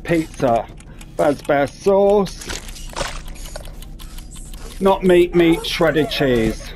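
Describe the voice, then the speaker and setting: A man's voice: on the high side, animated, very slow, a little mellow. A man giving casual, sweary commentary while playing a VR game and talking to himself. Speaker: gaming commentator. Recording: clear background noise.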